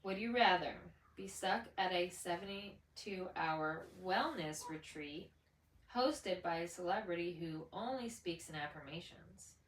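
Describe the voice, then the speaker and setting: A woman's voice: fairly low pitch, unhurried. A woman co-hosting a podcast in casual chat, blunt and swearing constantly. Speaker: podcast co-host. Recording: roomy, distant mic, faint noise.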